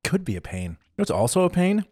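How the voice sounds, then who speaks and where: A man's voice: high-pitched, fast, no room sound. Chatty man co-host on a dry mic. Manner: animated storytelling with acted-out quotes. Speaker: podcast co-host. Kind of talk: casual chat. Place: living in Germany.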